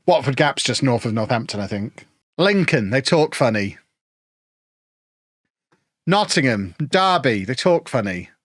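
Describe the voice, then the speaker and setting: A man's voice: mid-range voice, very animated, unhurried, long pauses, no room sound, studio quality. A man from England, chatting casually and joking with his chat while streaming a football management game. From Peterborough, England.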